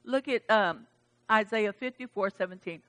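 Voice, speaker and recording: A woman's voice: medium pitch, moderate pace, a bit bright. A woman pastor preaching a sermon, emphatic and chatty, with casual asides to the congregation.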